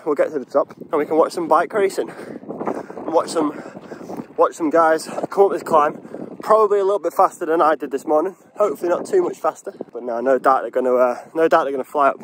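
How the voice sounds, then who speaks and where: Guy vlogging on a hill, kinda high voice, a bit of wind and noise behind. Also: a little fast. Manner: chatty, excitable, swears mildly. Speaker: cycling vlogger. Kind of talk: casual vlog chat. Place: outdoors on hills.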